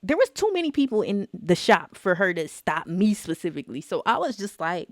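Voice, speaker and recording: A woman's voice: medium pitch, very animated, brisk, few pauses, no room sound, studio quality. A young woman vlogging in a casual, chatty way, telling dramatic stories with plenty of slang. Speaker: astrology vlogger. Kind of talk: casual chat to camera.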